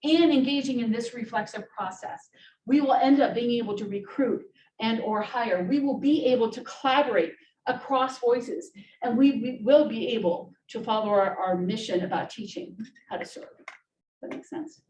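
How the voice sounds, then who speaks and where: A woman's voice: on the high side, normal speed, darkish tone. A woman presenting on social work, speaking earnestly and often checking in with the audience by asking "right?". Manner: earnest, tag questions like "right?". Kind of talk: conference talk. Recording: roomy, distant mic, faint hiss.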